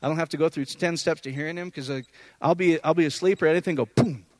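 Animated, higher-pitched male preacher. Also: quick pace, dry recording. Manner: conversational, animated, often asks "does that make sense". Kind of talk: informal sermon.

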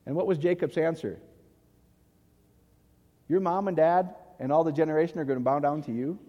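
A man's voice: fairly high pitch, steady tone, normal speed, big-room sound, lo-fi sound. A man preaching a sermon in an emphatic way, often checking that the audience agrees. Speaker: pastor.

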